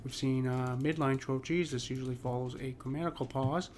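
A man explains poetic meter in an even, level voice that barely rises or falls. He talks casually, pausing on ums and correcting himself mid-phrase. A faint hiss of noise sits under the recording. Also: mid-range voice. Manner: halting, many ums and restarts. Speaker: poetry teacher.

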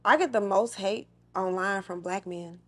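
A woman's voice: medium pitch, normal speed, a bit bright, breathy edge. A young adult woman comedian, a guest in a casual interview, telling stories in a candid, laid-back way with slang.

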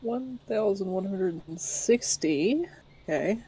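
A playful woman player whose pitch rises and falls a great deal as she talks. She haggles over a price with the game master and describes her character's gestures. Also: expressive, takes it slowly, warm tone, slight background noise, low-quality recording. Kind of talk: tabletop game play.

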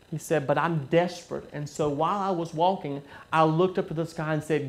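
A man preaching a sermon, telling a story with frequent halting restarts and repeated words. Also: a little high, fairly even intonation, slight background noise. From southern United States.

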